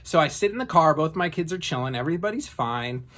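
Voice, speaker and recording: A man's voice: fairly high pitch, lively intonation, fast, fairly bright tone. A man in his thirties telling a personal story in a casual, reflective way, with frequent fillers and restarts. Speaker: vlogger.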